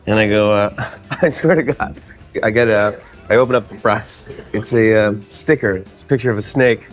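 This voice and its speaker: A man telling an energetic anecdote as a talk show guest. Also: on the low side, normal speed, faint music behind.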